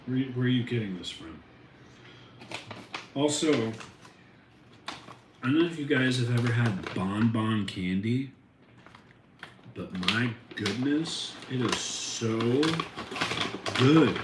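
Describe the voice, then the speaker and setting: A man's voice: medium pitch, lively intonation, takes it slowly, pauses often. A man chatting casually with viewers on a home live stream, rambling in an easygoing way and reacting to the chat. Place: home room with equipment. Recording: roomy, distant mic, faint ambient noise.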